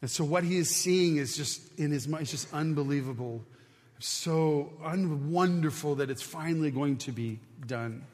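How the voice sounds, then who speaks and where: A man's voice: on the high side, moderate pace, darkish tone, big-room sound. A man preaching a sermon as a pastor, teaching in an earnest, conversational way with frequent restarts.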